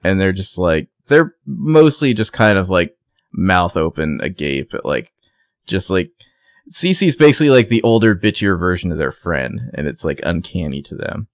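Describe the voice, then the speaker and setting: A man's voice: deep voice, sing-song, normal speed, no room sound. A man co-hosting a podcast, casually recapping a TV episode in a rambling, chatty way and laughing often. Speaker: podcast co-host.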